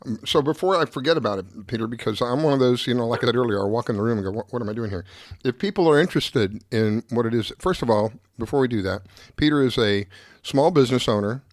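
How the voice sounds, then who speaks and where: A man's voice: mid-range voice, quick pace, no room sound. Laid back radio host guy, chatty, dry close mic. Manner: chatty, easygoing, laughs often. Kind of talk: radio talk show chat.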